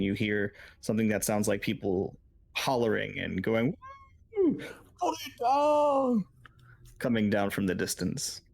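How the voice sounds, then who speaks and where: A man's voice: fairly low pitch, creaky. A man narrating as game master in a tabletop game, loose and full of fillers.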